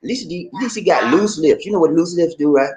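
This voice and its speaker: A man from Charleston, South Carolina, with a Gullah Geechee accent, chatting casually to camera in an animated, laughing way, full of slang like "man" and "baby". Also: on the high side, brisk, a crowd in the background. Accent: Gullah Geechee, South Carolina Lowcountry. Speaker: vlogger. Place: Philippines.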